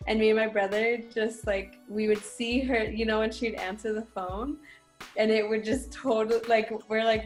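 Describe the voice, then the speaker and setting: A woman's voice: on the high side, fairly even intonation, normal speed, faint music behind. A young woman co-hosting a podcast, telling stories casually and laughing often. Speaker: podcast co-host. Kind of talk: casual storytelling chat.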